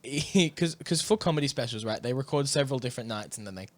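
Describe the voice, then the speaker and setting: A man's voice: mid-range voice, fast talker, no echo. A man co-hosting a podcast in a studio, chatting casually, acting out funny bits and laughing often. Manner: animated storyteller, laughs often, acts out bits. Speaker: podcast co-host. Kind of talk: casual chat.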